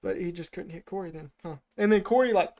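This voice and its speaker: A man's voice: high voice, quick pace, a crowd in the background. A man co-hosting a podcast, rambling through a casual film recap with lots of fillers and swearing. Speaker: podcast co-host.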